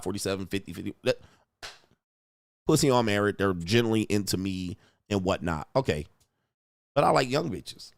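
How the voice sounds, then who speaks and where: A man in his forties hosts a livestream with a fairly low voice, crudely and boisterously ranting, mocking his critics, and reading viewer chat out loud. He's profane throughout. The recording is dry, with clean studio sound.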